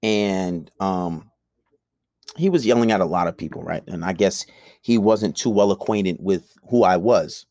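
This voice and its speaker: A man's voice: low-pitched, measured pace, darkish tone, dry recording. A young man, ranting bluntly and profanely in a heated podcast monologue. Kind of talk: monologue to camera.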